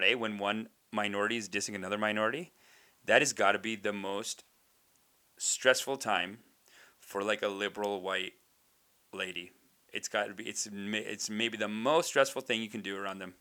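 A man doing a loose, animated stand-up comedy bit, riffing in slangy, casual talk. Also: on the low side, normal speed.

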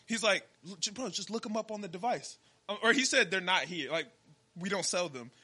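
A man's voice: high voice, animated, fairly quick, bright, forceful tone, husky. A young man, a podcast co-host, telling a story in casual chat and acting out the dialogue with animation.

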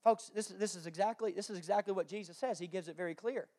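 High-voiced, folksy, emphatic pastor. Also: male voice, fast. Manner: emphatic and repetitive, building to loud declarations; folksy and conversational, with homespun analogies. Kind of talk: sermon.

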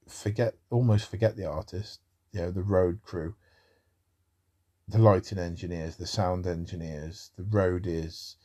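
A man's voice: low voice, dark tone, slightly rough. A man talking in a rambling casual monologue about music, with wry asides.

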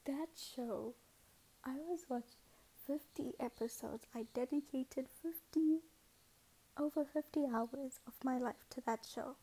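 A young woman talking casually on her podcast, her voice high yet mellow and a little breathy. She rambles and pokes fun at herself, slipping into whispers often. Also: unhurried, poor audio. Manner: rambling, self-mocking, often drops to a whisper. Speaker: podcast host. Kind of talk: casual monologue.

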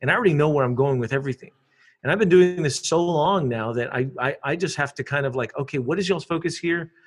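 A man, a public speaker chatting casually in an interview, animated and quick to repeat words. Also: mid-range voice.

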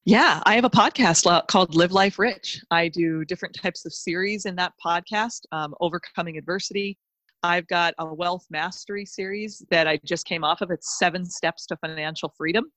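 Fired-up woman with a low, dry voice. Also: moderate pace, fairly bright tone, no room sound. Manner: fired-up, emphatic, repeats phrases. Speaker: podcast guest. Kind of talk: motivational pep talk. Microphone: close podcast mic.

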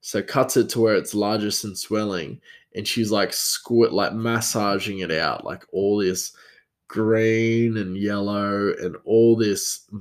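A man's voice: lowish voice, fairly even intonation, slow. A man telling a personal story in a casual, rambling way, with many fillers and restarts.

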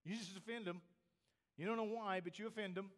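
A man's voice: high-pitched, fairly even intonation, a little fast, a bit bright. A man preaching a sermon, emphatic, asking the congregation rhetorical questions. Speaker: pastor.

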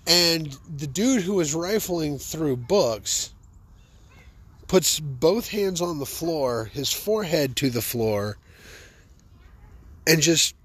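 A man spinning comic stories from his own life in an unhurried, husky voice. His pitch swings all over as he jokes, amused at his own tales. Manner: animated, joking, self-amused. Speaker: podcast host. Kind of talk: comic personal storytelling.

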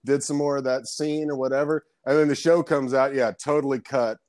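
A man's voice: medium pitch, fairly even intonation, brisk, a little mellow, no room sound. Rambling, cursing male storyteller, dry sound. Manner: rambling storyteller, swears, laughs often. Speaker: guest, comedian and background actor. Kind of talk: casual podcast chat. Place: lives in Florida.

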